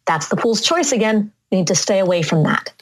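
Lady voice coach talking it through slow, doing little tone demos. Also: mid-range voice, lively intonation, low-quality recording. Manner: demonstrates vocal inflections, slow and deliberate. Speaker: guest speaking coach. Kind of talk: conversational interview.

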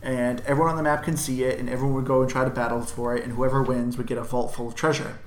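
A man telling a gaming story quickly in casual chat, laughing as he goes. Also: medium pitch, a little hiss or hum. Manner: fast, laughing anecdotes with put-on voices. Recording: echoey room.

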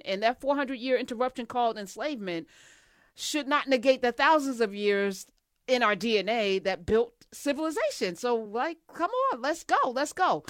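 A woman's voice: fairly high pitch, a bit bright, no room sound, clean studio sound. A woman hosting an interview, asking questions in an enthusiastic, emphatic way. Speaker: host. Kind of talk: casual interview.

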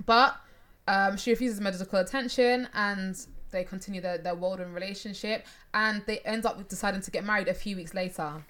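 A woman's voice: medium pitch, fairly quick, fairly bright tone. A young woman co-hosting a casual true-crime chat, blunt, swearing and laughing often. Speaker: podcast co-host.

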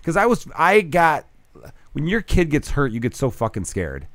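A young man hosting a casual podcast chat, excitable, laughing and swearing often. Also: on the high side, normal speed, no echo, studio quality.

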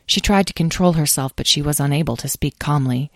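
A woman narrating a fantasy storybook in a measured, expressive read. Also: sits low, dry recording, studio quality. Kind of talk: audiobook narration.

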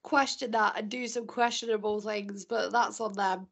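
A woman's voice: medium pitch, steady tone, moderate pace, vocal fry, fairly bright tone. A young woman co-hosting a podcast in casual, playful chat, often giggling. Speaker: podcast co-host.

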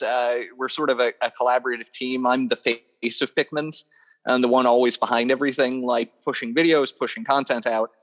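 A man who makes toys, a guest on a casual podcast, telling stories in an animated, theatrical way. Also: medium pitch. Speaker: toy maker guest.

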